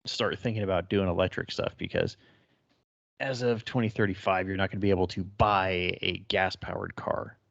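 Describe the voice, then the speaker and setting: This is a man in his thirties with a lowish voice, talking in a blunt, profane, casual way as a podcast co-host. The sound is dry and a little dull, with no room echo. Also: steady tone, moderate pace, vocal fry, fairly bright tone. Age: 30s. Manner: blunt, profane, swears freely. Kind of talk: casual chat.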